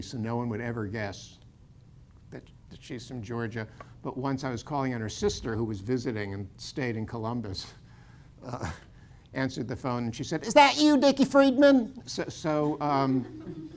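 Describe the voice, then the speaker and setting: With slight background noise behind him, an older man who studies the Bible lectures informally, drifting through anecdotes and often stumbling with fillers and restarts. His voice is medium in pitch.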